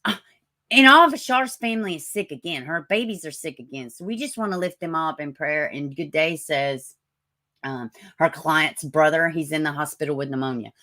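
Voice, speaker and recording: A woman hosting a live stream with a raspy voice, chatting casually, greeting viewers by name and reading out news. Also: sits low, animated, normal speed, bright, forceful tone. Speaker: livestream host.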